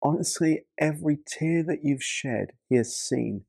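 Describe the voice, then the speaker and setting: A man preaching a sermon with a gravelly, mellow voice. He speaks earnestly, often doubling words as he restarts a thought. The sound is dry and close, with no room around it. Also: on the high side, measured pace, dry recording.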